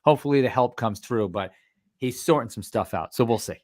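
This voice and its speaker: A man's voice: medium pitch, a little fast, darkish tone, no room sound. Laid-back man co-hosting, dry sound. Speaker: podcast co-host. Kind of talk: casual chat.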